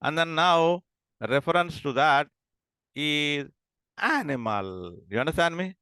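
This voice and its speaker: A man's voice: on the high side, lively intonation, pushed and bright, clean tone, no room sound. A man lecturing a class, often stopping to ask whether students follow and restarting his sentences. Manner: repeats and checks understanding, halting restarts.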